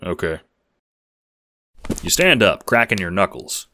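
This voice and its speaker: A man narrating a fan audio drama in second person, with a wry, deadpan manner. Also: fairly low pitch, normal speed, slight background noise.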